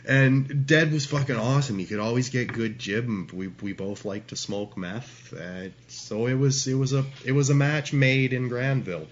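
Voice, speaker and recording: At a moderate clip with few pauses, this mid-range male voice belongs to a Canadian interview guest in middle age. He tells a loose, meandering story, swearing a lot and chuckling along, and the recording is muffled lo-fi with light hiss.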